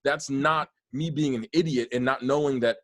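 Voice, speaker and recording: A man's voice: mid-range voice, fairly even intonation, normal speed, no room sound. Earnest man hosting a podcast, dry sound. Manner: earnest, rambling, many restarts. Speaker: podcast host. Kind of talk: casual podcast conversation.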